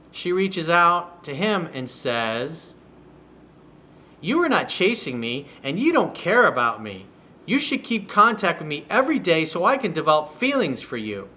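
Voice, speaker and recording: A man with a sharp, somewhat high voice coaches on dating, reading out a viewer's email and replying bluntly with profanity and sarcasm. It's a solo video newsletter commentary filmed in a room at home, with workers outside the window.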